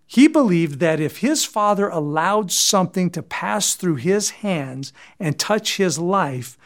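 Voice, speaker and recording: A man preaching a sermon as pastor, earnest, swinging from raised, emphatic lines to quiet, low ones. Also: lively intonation, takes it slowly. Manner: earnest preaching with dramatic rises and drops in pitch and volume.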